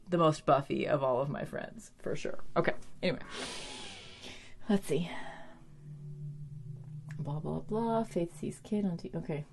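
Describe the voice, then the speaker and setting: A woman chatting casually as she recaps a TV episode, animated, with lots of "like" and some swearing. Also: lowish voice.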